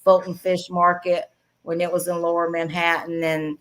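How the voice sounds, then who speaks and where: A woman's voice: fairly low pitch, little pitch movement, moderate pace. Blunt Southern woman telling stories. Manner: blunt, frank, laughs often while telling stories. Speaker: guest. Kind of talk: casual storytelling interview.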